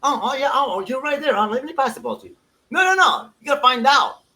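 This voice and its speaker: A man's voice: very high voice, quick pace, bright, forceful tone, voice pushed up, heavily acted, poor audio. A man putting on the voice of an exasperated male soccer coach lecturing a player, in a mocking sing-song manner.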